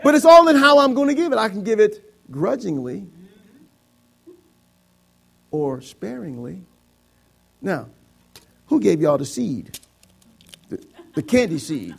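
A man's voice: high-pitched, big pitch swings, normal speed, gravelly, pauses often, husky. A man preaching a sermon, playful, acting out the voices of people giving grudgingly as an object lesson. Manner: playful, acts out voices of reluctant givers.

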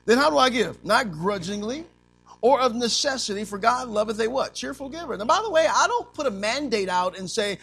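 A man preaching a sermon as pastor, animated, asking the congregation to finish his lines and acting out little scenes. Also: very high-pitched, fairly quick, slightly rough. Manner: animated preaching with call-and-response questions; acts out little scenes in other voices.

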